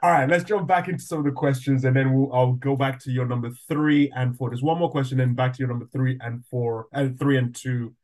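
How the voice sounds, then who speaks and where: A man hosts a casual interview in a mid-pitched voice. He asks questions in a chatty, friendly way. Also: fairly even intonation, fairly quick, hardly any pauses, darkish tone. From Nigeria. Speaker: podcast host.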